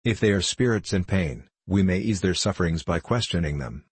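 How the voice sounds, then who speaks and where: A man reading the part of a pious, dutiful young princess in a measured, solemn way, with a husky voice. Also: deep voice, expressive, no echo. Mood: grave.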